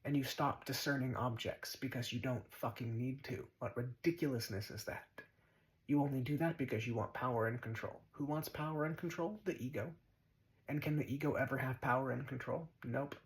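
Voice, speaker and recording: A man's voice: medium pitch, brisk, rough recording. A man giving a spiritual monologue as a teacher, blunt and profane, mocking his listeners and repeating short commands.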